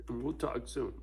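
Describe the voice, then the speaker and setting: Cussing ranting dude vlogging from home, husky voice, keeps laughing. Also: male voice, mid-range voice, darkish tone. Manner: profane, ranting, laughs often. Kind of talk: casual rant to camera. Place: at home with his dog.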